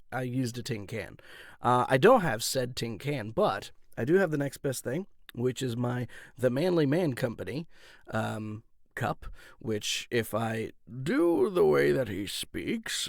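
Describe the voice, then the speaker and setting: A man's voice: mid-range voice, gravelly, a little mellow, no echo. A man hosting his own channel, talking casually and loosely to camera from a home voice-over booth on studio mics. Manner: chatty, loose, many fillers and restarts. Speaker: voice actor and YouTube host. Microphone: studio condenser and shotgun mics.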